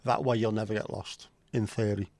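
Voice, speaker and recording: A man's voice: fairly low pitch, flat delivery, brisk, a little mellow, no echo. A man hosting a casual livestream, chatty and joking as he answers viewer comments. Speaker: livestream host.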